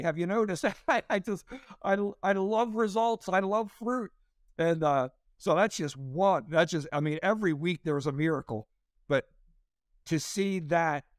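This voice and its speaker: A man's voice: a little high, no echo, clean studio sound. A man in his sixties, a pastor and comedian, telling a story as an interview guest and acting out the quotes with a raised voice.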